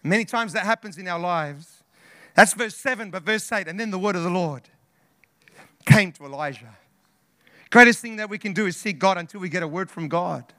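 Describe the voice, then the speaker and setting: A man's voice: high voice, normal speed, pushed and bright, no room sound, clean studio sound. A male pastor preaching a sermon with passion, repeating phrases and calling out to the congregation. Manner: impassioned preaching with repetitions and call-outs.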